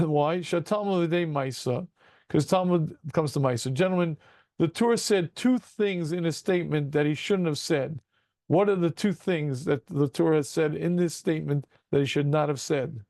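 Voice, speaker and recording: Animated rabbi with a gravelly voice. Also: male voice, a little high, no room sound, studio quality. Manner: animated, rhetorical questions, addresses students as gentlemen; self-deprecating chuckles, quick asides. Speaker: rabbi teaching a Talmud class. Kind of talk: interactive Talmud lesson over video call. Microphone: video call.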